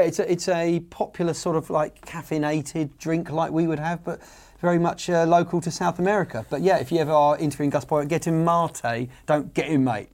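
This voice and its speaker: A man's voice: fairly high pitch, a little mellow. A man on a comedy panel show telling a rambling, chatty anecdote. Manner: rambling, chatty storytelling with restarts.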